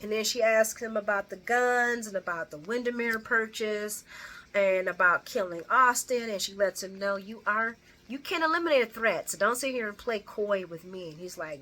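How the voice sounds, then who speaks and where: A woman's voice: medium pitch, expressive, moderate pace, sharp tone. A woman casually recapping a soap opera episode, rambling with restarts and asides. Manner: chatty, rambling with frequent restarts and laughs.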